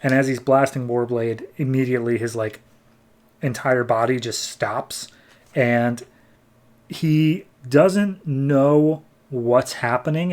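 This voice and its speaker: A man's voice: mid-range voice, darkish tone. A man co-hosting a podcast, retelling a comic story in a rambling, filler-heavy casual way. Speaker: podcast co-host. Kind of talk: casual comic book recap.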